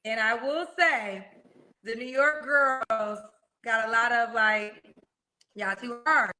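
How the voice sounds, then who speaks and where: A woman's voice: fairly high pitch, slow, bright, forceful tone, a little hiss or hum, poor audio. A woman hosting a live dating show, friendly and addressing the guest as honey, with a cough. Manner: friendly, calls people honey. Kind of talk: interview chat.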